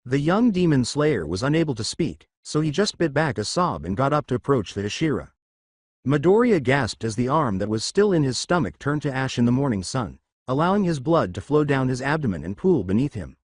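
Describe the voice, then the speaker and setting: A man narrating a fan fiction story aloud, shifting his pitch for the quoted characters. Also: very animated, normal speed, dry recording, studio quality. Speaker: fanfic narrator. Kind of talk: reading fan fiction aloud, all parts.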